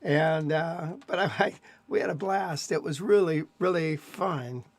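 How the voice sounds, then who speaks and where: A man's voice: fairly high pitch, a little slow, no room sound. An older man hosting a live stream, chatting casually and telling rambling stories with plenty of fillers. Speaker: host of a jazz guitar live stream.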